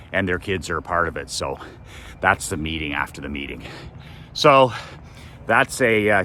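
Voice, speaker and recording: A man's voice: low-pitched, sharp tone, slight background noise. A man giving a blunt, profane motivational talk as a business coach, repeating his key phrase for emphasis. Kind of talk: motivational monologue.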